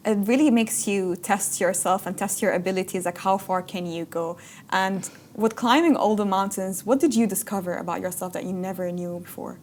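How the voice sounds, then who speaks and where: A woman's voice: mid-range voice, normal speed, darkish tone, a little hiss or hum. A woman interviewing a guest, asking questions in a casual, encouraging way.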